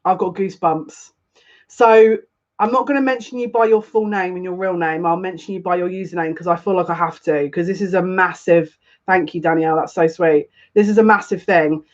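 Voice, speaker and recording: A woman's voice: on the low side, fairly even intonation, brisk. A woman hosting a psychic tarot live stream, chatting casually and greeting viewers one by one. She sounds close to tears and talks in an effusive, gushing way. The recording is a little dull and lo-fi. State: on the verge of tears. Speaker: psychic tarot reader, channel host.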